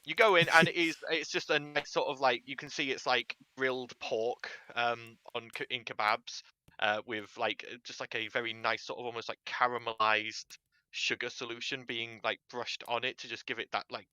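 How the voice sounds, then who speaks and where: Man, game master, very bright voice, dry close sound. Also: medium pitch, level tone, moderate pace, no room sound. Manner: descriptive, uses fillers. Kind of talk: narrating a tabletop game.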